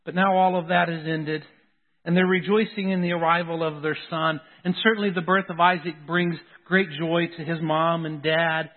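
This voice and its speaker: A man's voice: a little high, little pitch movement, normal speed, big-room sound. A man preaching a sermon as a pastor, earnest and repeating key phrases for emphasis. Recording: tinny phone-like sound.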